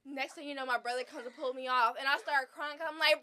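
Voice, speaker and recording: A young woman co-hosting a casual chat podcast, telling a story with animated acted-out quotes and plenty of swearing. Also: sits high, quick pace, hardly any pauses, noisy background. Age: young adult. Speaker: podcast co-host.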